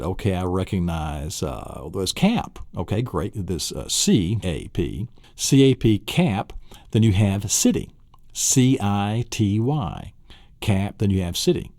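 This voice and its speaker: A man with a deep, mellow voice leads a spelling lesson, spelling words out letter by letter and breaking them into syllables. He often asks rhetorical questions as he goes. The sound is close and dry. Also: animated, moderate pace, hardly any pauses, no echo. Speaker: spelling instructor.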